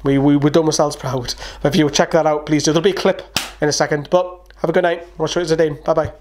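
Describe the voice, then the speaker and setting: A man's voice: a little high, flat delivery, a little mellow. A man with a Geordie accent hosting a casual, opinionated football match preview to camera. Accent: Newcastle (Geordie). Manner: chatty, opinionated, quick asides. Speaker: football fan channel host.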